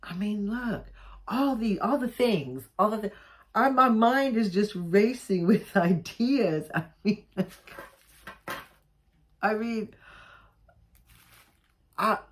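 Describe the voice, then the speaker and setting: A woman chatting excitedly as she unboxes jewelry, gushing and often restarting her sentences. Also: mid-range voice, slow pace, long pauses. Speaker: jewelry maker unboxing mail. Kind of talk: casual unboxing vlog chat.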